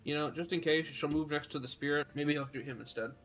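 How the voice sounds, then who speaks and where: A man's voice: on the high side, fairly even intonation, fast, fairly bright tone, soft background music. A young man playing a tabletop game over a voice call, unsure of the rules, self-deprecating and casually swearing. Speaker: player.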